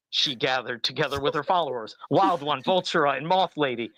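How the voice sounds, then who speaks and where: A man's voice: fairly high pitch, brisk, hardly any pauses, a bit bright, no room sound, low-quality recording. A man co-hosting a podcast, reading a storybook aloud in a casual way and chuckling as he goes. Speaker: podcast co-host.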